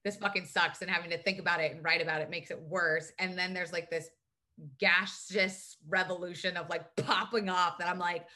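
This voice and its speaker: A woman's voice: on the low side, moderate pace. A woman speaking as a podcast guest, telling candid personal stories in casual, profane conversation. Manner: candid, profane, animated storytelling.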